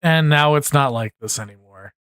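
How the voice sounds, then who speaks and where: A man's voice: a little high, moderate pace, fairly bright tone, smooth, dry recording. A tired man giving casual, rambling political commentary, frustrated and restarting often. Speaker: commentary YouTuber. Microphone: USB desktop mic.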